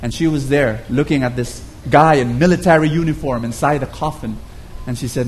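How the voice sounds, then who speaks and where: A man's voice: medium pitch, brisk, few pauses, slight background noise. A man preaching a sermon, telling a story earnestly and often repeating words as he goes.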